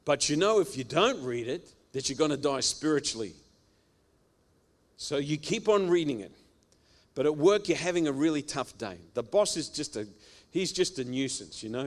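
Man preaching with sweeping loud-soft swings. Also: medium pitch, lively intonation, normal speed. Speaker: pastor. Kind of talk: sermon.

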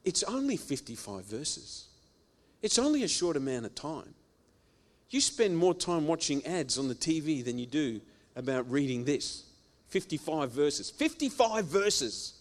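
Man preaching with sweeping loud-soft swings. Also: a little high, very animated, moderate pace. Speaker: pastor. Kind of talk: sermon.

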